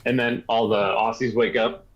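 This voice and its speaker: A man joining a casual livestream panel as a guest, cracking quick, silly jokes. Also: medium pitch, flat delivery. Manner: joking, quick with silly remarks. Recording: dull, slightly noisy lo-fi audio.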